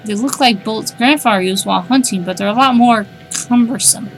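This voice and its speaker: A woman's voice: on the high side, a little fast, faint music behind. A woman streaming a game, chatting wryly, thinking aloud and reading on-screen text. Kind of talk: casual let's-play commentary.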